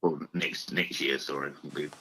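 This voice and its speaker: A man's voice: very deep voice, fairly even intonation, normal speed, pushed and bright, a little hiss or hum, rough recording. A man calling a fan phone-in, easygoing and giving brief answers. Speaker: caller. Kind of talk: casual phone call.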